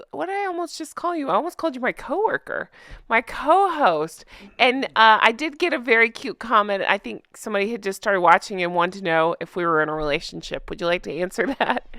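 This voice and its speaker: A woman's voice: a little high, no echo, clean studio sound. A woman hosting a commentary show, chatting sarcastically and laughing a lot as she mocks a news story. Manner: laughing, mocking, animated. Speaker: host.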